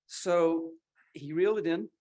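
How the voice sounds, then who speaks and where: A man speaks at a memorial gathering, telling a personal story and acting out the voices of the people in it. His voice sits a little high for a man. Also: a little slow, a little mellow. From Northern California.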